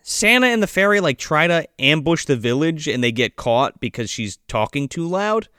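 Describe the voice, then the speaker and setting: A man's voice: fairly high pitch, big pitch swings, normal speed, pushed and bright, clean tone, no echo, studio quality. A man chatting casually as he recaps a film, rambling with lots of swearing and fillers.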